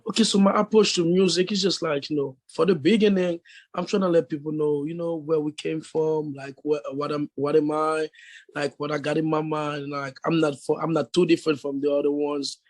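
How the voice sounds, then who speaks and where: A young man with a deep voice and a foreign accent, a guest musician rambling casually with lots of fillers in an interview. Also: brisk, no echo. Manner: rambling, relaxed, many fillers like "you know".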